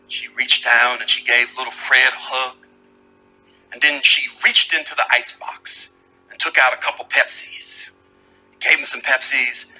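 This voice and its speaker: A man telling a personal story in an animated, conversational way. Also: mid-range voice, rough recording. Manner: animated, conversational, acts out quotes. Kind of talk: storytelling talk.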